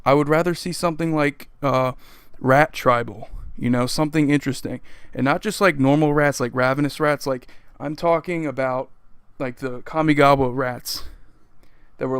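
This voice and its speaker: A man's voice: medium pitch, fairly even intonation, moderate pace, clear, resonant tone, no room sound. A young man hosting a casual opinion vlog, grumbling bluntly with lots of fillers. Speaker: channel host.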